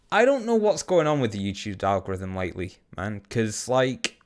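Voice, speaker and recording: A man's voice: lowish voice, wildly swooping pitch. A man from Bolton with a general, slightly posh English accent, chatting casually on a live stream and answering viewer comments with lots of ums and casual swearing. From Bolton, England. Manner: rambling, quick bursts, swears casually, many ums.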